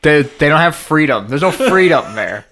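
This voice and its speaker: Teasing young man, lively pitch. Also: moderate pace. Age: young adult. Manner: joking, teasing, laughs often. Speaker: podcast guest. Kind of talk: casual podcast chat.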